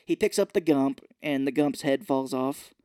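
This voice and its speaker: A man's voice: medium pitch, normal speed, darkish tone, smooth, no echo, studio quality. A man co-hosting a podcast, casually recapping a movie with jokes and swearing. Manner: jokey, acts out characters in silly voices, swears freely. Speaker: podcast co-host.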